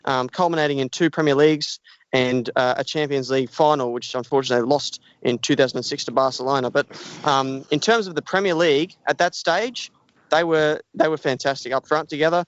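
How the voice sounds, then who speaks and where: A man's voice: a little high, fairly even intonation, brisk, clean tone, no room sound. A man co-hosting a casual podcast, talking enthusiastically and heaping on praise. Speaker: podcast co-host. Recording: dull lo-fi dry podcast audio.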